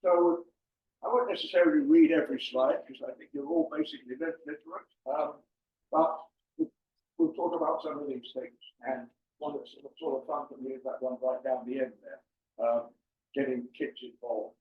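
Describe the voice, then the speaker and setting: A man's voice: medium pitch, moderate pace. An older man giving an informal slide presentation to an audience, chatty and joking, with lots of ums. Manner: jokey, chatty, with many ums. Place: meeting room with an audience. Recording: far-off mic, roomy and muffled.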